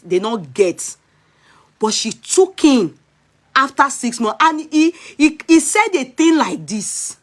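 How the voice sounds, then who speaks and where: Animated Nigerian woman vlogger. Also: on the high side. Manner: animated, mixing English and Yoruba, rising to exhortation. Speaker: vlogger commenting on a clip. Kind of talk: casual commentary.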